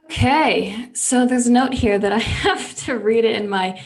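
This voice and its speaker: A woman's voice: a little high, measured pace. A woman guest on a comedy panel game, chatty and giggly. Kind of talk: casual game show banter.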